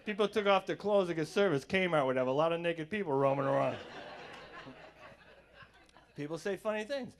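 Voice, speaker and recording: A man's voice: a little high, steady tone, quick pace, hardly any pauses. A man doing a stand-up comedy set on a theater stage, telling sarcastic stories and acting out both sides of arguments. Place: theater stage before a live audience.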